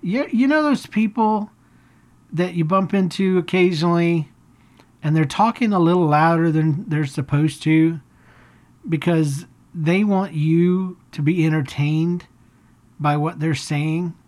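A woman's voice: lowish voice, measured pace, a little mellow. A woman hosting a family podcast, telling stories in a rambling, chuckling way. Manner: rambling, chuckling storyteller with restarts. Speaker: podcast host. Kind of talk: casual family podcast chat and storytelling.

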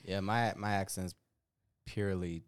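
A man's voice: low-pitched, fairly even intonation, a little slow, no echo, studio quality. A young man with a Denver Chicano accent, co-hosting a podcast in laid-back casual chat with profane asides. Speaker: podcast co-host.

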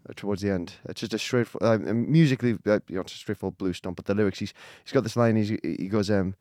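Male podcast guest, lower voice, rapid rambling chat with fillers, dry close mic. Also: a little mellow, no room sound. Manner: rambling, self-deprecating, many fillers and restarts. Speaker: podcast guest, singer-songwriter. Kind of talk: casual chat.

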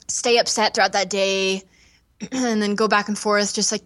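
A young woman talking openly as a podcast guest, earnest and animated, often acting out what others said to her. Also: medium pitch, takes it slowly. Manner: earnest, animated, acts out quoted voices. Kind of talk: candid podcast interview.

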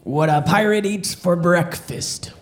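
A man playing a pirate comedian who tells family-friendly jokes and repeats each question before a slow punchline. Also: high-pitched. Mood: cheerful. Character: jolly joke-telling male pirate comedian.

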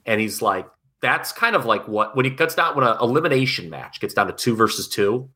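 A man co-hosting a podcast who reviews wrestling in casual chat, blunt and animated, with frequent swearing. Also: mid-range voice, a little fast, husky. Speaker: podcast co-host.

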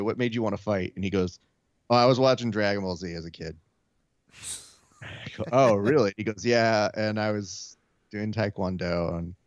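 A man with a lowish voice chats casually on a podcast. He tells profane stories and slips into quoted voices of friends. The audio sounds dry and dull. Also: no room sound. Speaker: podcast co-host. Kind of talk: casual chat.

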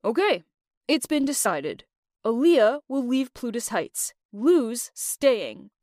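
A woman's voice: on the high side, sing-song, slow pace, darkish tone, no room sound, clean studio sound. A woman voicing an impatient, hot-tempered rich teenage boy. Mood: firm. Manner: impatient, snapping.

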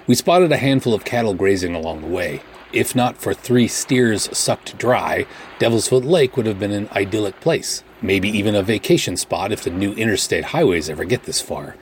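A man reading a first-person pulp adventure audiobook in a measured, matter-of-fact way. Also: fairly low pitch, a little hiss or hum. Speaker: narrator.

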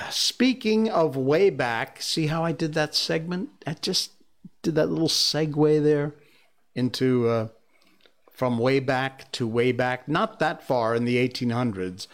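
A man's voice: medium pitch, measured pace. Chatty, rambling American man. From Connecticut, United States. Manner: chatty and rambling, with frequent ums and asides. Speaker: show host. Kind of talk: casual solo monologue. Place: living in Malaysia.

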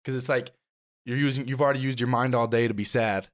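A man's voice: medium pitch, fairly even intonation, fast. A teenage boy, a guest on a podcast, talking earnestly in long run-on thoughts. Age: teens. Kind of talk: casual podcast chat.

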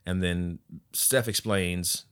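A man's voice: sits low, steady tone, slow pace, fairly bright tone, clear, resonant tone. A man co-hosting a podcast, casually recapping a film. He acts out the scenes and swears freely. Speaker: podcast co-host reviewing a film.

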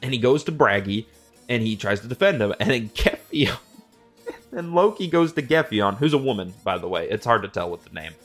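Young man, comedy host, animated pitch, slangy, profane, faint background music. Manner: animated, profane, slangy, mimics characters in quick asides. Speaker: podcast host. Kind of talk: casual comedic retelling.

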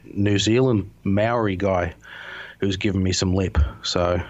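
A man with a very low, deep voice chats casually at home. He rambles through stories, swears freely and laughs often. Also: takes it slowly, dry recording, dull audio. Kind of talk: casual chat.

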